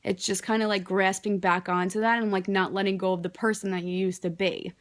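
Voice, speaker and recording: A woman's voice: medium pitch, flat delivery, fairly quick. A young woman talking casually to her camera, candid and rambling, peppering her speech with "like" and frequent swearing. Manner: candid, rambling, swears freely, says "like" often. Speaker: vlogger.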